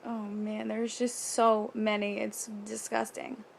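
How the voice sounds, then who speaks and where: A young woman from New York talking candidly in a casual vlog, rambling with quick nervous asides and casual swearing. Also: mid-range voice, flat delivery, creaky. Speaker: vlogger. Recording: faint background noise.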